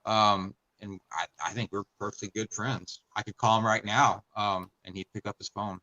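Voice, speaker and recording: Bright-voiced man telling earnest stories. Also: on the low side, level tone, muffled recording. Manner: earnest, halting personal storytelling. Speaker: podcast co-host. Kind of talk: casual podcast chat.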